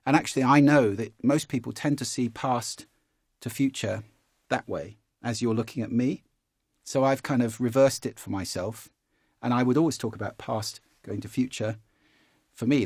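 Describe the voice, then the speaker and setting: Man, speaking coach, course lesson, husky voice, dry sound, relaxed demonstrating manner. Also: medium pitch, dry recording. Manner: relaxed, conversational, demonstrating as he explains.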